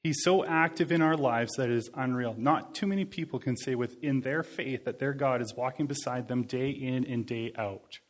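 Casting: man in his thirties, mid-pitched preacher, earnest and chatty, repeats phrases. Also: moderate pace, hardly any pauses. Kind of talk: sermon.

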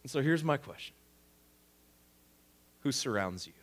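A man preaching a sermon, swinging between quiet, intimate lines and loud, emphatic ones. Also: mid-range voice, expressive, measured pace. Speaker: pastor.

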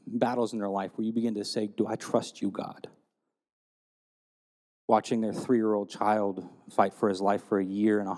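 A man preaching a sermon, telling stories and retelling scripture in a lively storytelling way. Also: lowish voice, long reverb tail. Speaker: pastor.

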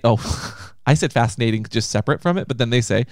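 A man co-hosting a podcast, reading listener submissions aloud with animated, teasing asides. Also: mid-range voice, fairly quick, few pauses, no room sound, studio quality. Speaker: podcast co-host.

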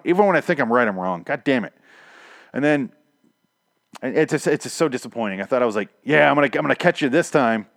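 A man's voice: medium pitch, dry recording, clean studio sound. A man casually recapping and reviewing a TV episode, rambling and sarcastic, swearing often and acting out the characters' lines.

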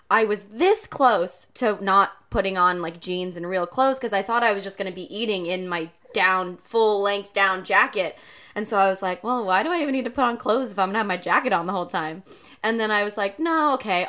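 A woman's voice: mid-range voice, pushed and bright. A young woman co-hosting a casual chat, telling stories and laughing often. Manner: chatty storyteller, laughs often.

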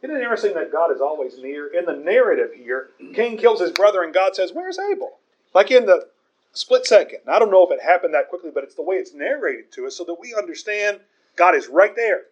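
A man preaching a sermon, explaining a Bible passage in an earnest, emphatic way with pauses and the odd chuckle. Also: sits high, lively intonation. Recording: dull lo-fi recording.

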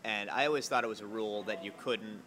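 A man's voice: fairly low pitch, quick pace, sharp tone. A man chatting casually as a guest, telling rambling stories with jokes and asides. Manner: rambling, joking storyteller. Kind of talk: casual conversation.

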